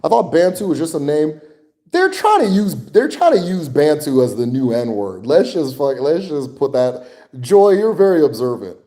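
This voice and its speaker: A man's voice: a little high, big pitch swings, moderate pace, warm tone. A man hosting a casual livestream Q&A, answering viewer questions in a loose, rambling way, swearing and chuckling often.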